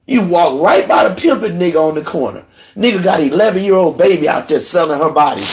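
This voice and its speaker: A man rants on his livestream in a heated, profane voice, sliding from low muttering up to outright shouting. He sounds emotional, close to tears. His voice sits somewhat high for a man. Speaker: livestream host. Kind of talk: angry livestream rant.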